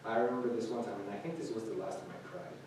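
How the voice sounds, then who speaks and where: A man's voice: medium pitch, animated, very fast, background noise. Man preaching informally in an echoey hall. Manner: conversational, many fillers and restarts. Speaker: youth speaker. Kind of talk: informal sermon to a group. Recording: echoey room recorded from a distance.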